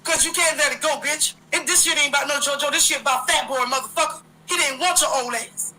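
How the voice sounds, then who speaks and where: Woman host, very high bright voice, fiery profane livestream rant. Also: fast talker, rough recording. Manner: profane, confrontational, repetitive.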